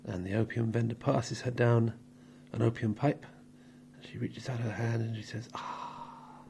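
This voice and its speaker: A man calmly narrating a story in a slow, soft, drawn-out way, with pauses between phrases. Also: mid-range voice, gravelly, slight background noise.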